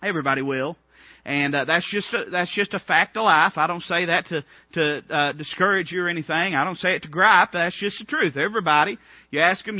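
Male preacher, high-pitched and emphatic, dull dry lo-fi sound. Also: lively intonation, a little fast, dry recording. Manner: emphatic, rising in bursts of repeated phrases. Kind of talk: sermon.

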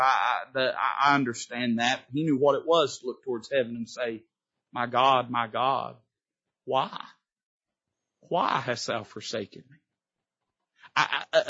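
A man preaching an impassioned sermon from a church pulpit, his pitch rising and falling sharply. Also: a bit bright, lo-fi sound. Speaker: Baptist pastor. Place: church sanctuary.

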